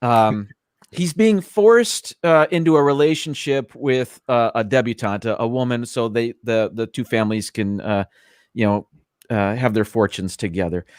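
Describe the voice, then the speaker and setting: A man's voice: medium pitch, a little slow, dry recording, clean studio sound. Man retelling a film scene, hesitant. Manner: hesitant storytelling with many fillers. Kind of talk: casual live-stream chat.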